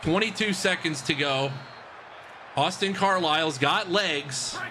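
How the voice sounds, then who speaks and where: A man giving excited play-by-play commentary on a football video game he is playing, shouting and laughing. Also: on the high side, slow, noisy background. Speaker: game streamer.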